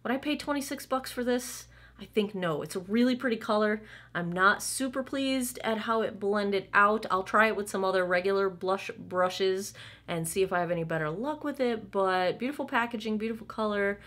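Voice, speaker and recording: A woman's voice: mid-range voice, moderate pace, fairly bright tone. Casting: woman, 30s, beauty vlogger, chatty and candid, mid-range voice. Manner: chatty, candid, playful asides. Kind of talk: casual makeup try-on chat.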